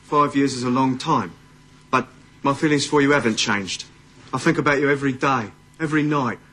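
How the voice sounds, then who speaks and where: An American actor playing a lovestruck ex-boyfriend in a sitcom, speaking in a fake British accent with stiff, overdone romantic lines. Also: male voice, medium pitch, brisk, bright, forceful tone. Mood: earnest. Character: earnest, lovestruck English ex-boyfriend. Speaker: sitcom character. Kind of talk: sitcom acting.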